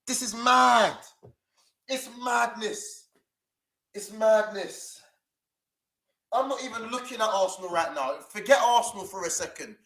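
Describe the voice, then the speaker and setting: A young man with a London accent rants to camera about his team, swearing and piling on street slang. His voice sits high and comes across bright and sharp, restless with anger. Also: measured pace, pauses often, rough recording. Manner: furious, swearing, slang-heavy rant. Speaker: fan channel presenter. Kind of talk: angry fan rant to camera. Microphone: camera mic.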